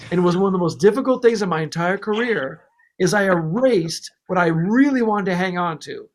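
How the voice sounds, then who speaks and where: A man, a record producer, telling stories in a casual podcast interview, animated and laughing as he goes. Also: high voice, a little fast.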